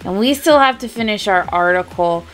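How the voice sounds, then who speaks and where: A woman giving casual, chatty gameplay commentary, giggly and unhurried. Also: mid-range voice, animated, rough recording. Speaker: let's-play host.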